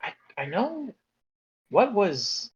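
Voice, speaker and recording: A man's voice: high voice, very animated, slow, slight background noise. A man playing a tabletop game, eagerly brainstorming ideas aloud. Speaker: player. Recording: dull lo-fi audio.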